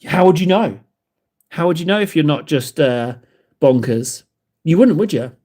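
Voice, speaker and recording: Painting models on a livestream, this man chats casually with viewers in the live chat, rambling along with self-mocking humor and plenty of laughter. He sounds animated, with a higher, dark-toned voice at a normal speed.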